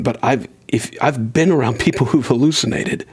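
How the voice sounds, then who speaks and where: Gravelly, husky-voiced man talking earnestly. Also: medium pitch. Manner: earnest, conversational, speeds up and slows down for emphasis. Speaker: podcast host. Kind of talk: solo podcast monologue.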